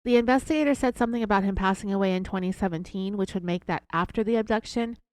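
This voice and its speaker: A woman's voice: mid-range voice, a little mellow, no echo. Woman host telling a true crime story. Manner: measured retelling with personal asides. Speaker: podcast host.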